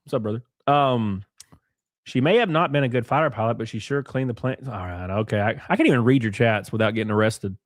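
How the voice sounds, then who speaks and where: A man hosting a live stream, chatting casually and joking loudly with viewers while sick and sniffly. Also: mid-range voice, fairly quick, no room sound, clean studio sound. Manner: rowdy, jokey, loud exclamations and laughs. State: sick and sniffly, stuffed nose.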